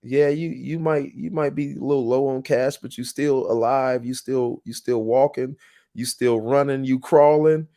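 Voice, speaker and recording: A man's voice: mid-range voice, steady tone, moderate pace, mellow. A man hosting a podcast in a casual monologue, earnest and motivational, telling stories with emphatic repetition. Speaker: podcast host.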